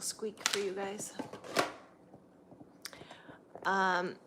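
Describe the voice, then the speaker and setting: Indoors at home, a middle-aged woman hosts a casual, chatty livestream in a steady tone and at a measured pace, with faint noise behind her. Talking to her pets, she goes high and sing-song.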